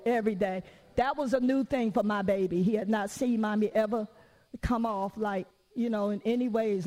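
Mellow and medium in pitch, this woman's voice trails off in a long reverb. She's a middle-aged preacher whose sermon feels like conversation, full of stories, acted-out quotes, and humorous asides.

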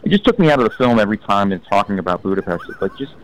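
A man's voice: on the low side, sing-song, rapid-fire, slight background noise, poor audio. A man in casual conversation about old films, giving blunt, opinionated takes. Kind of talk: casual film discussion.

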